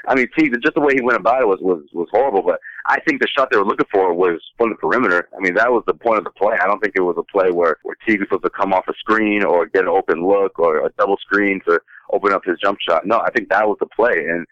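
A man with a low voice talks fast about sports and rambles with plenty of fillers. His audio sounds dull and lo-fi, and it is dry. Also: fairly bright tone, dry recording. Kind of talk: casual sports talk.

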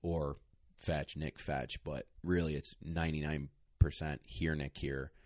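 A deep-voiced man talks through retriever training in casual podcast chat, blunt and emphatic in his advice. He sounds a little out of breath. His voice is recorded dry and close, with no room sound. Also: little pitch movement, measured pace, a little mellow, no room sound. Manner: blunt, plain-spoken, emphatic.

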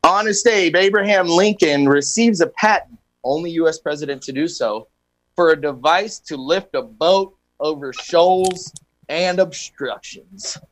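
A man's voice: on the high side, measured pace. A man hosting a casual comedy radio show, reading history items and joking over a video call. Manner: jokey, reads history items with asides.

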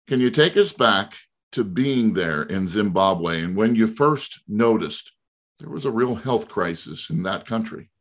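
A man hosting a sports interview show, reading formal introductions and questions in a measured way. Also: lowish voice, animated, a bit bright. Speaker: radio show host.

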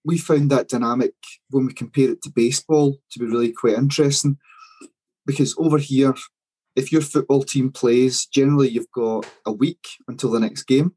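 Man, podcast co-host, mellow husky voice, measured explaining. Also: medium pitch, fairly even intonation, rough recording. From Scotland. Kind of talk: casual chat.

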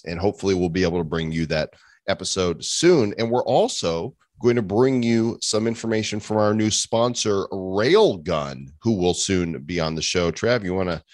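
Playful man hosting a podcast, lively pitch. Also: no echo, clean studio sound. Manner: playful, jokey, lively delivery. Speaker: podcast host. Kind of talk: casual podcast chat.

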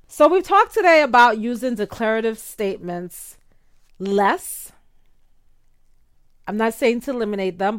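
A woman hosts a podcast as a speech coach, talking listeners through tone of voice. She explains plainly and acts out softer phrasings with a rising lilt to show her point. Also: mid-range voice. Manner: demonstrates tones, rising uptalk in quoted examples. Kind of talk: instructional podcast talk.

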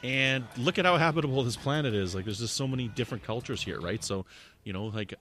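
A man's voice: medium pitch, fast, a bit bright, slight background noise. A man guesting on a podcast, talking enthusiastically and casually with many fillers during a commentary. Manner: enthusiastic, talks with many fillers like "you know" and "right".

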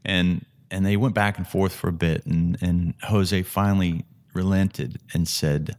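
A man's voice: sits low, moderate pace, hardly any pauses. A middle-aged man, a golf analyst and podcast guest, telling stories vividly with frequent restarts. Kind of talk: conversational storytelling.

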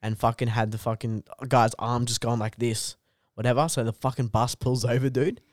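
A man's voice: medium pitch, moderate pace, no echo, studio quality. A young man, a comedian guest, telling a story in casual podcast chat with lots of swearing. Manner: animated storytelling, heavy swearing.

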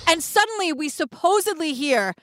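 A woman's voice: very high-pitched, lively intonation, moderate pace, background noise. A woman co-hosting a podcast, making dry, sarcastic comedic commentary. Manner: sarcastic, dry mocking asides. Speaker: podcast co-host.

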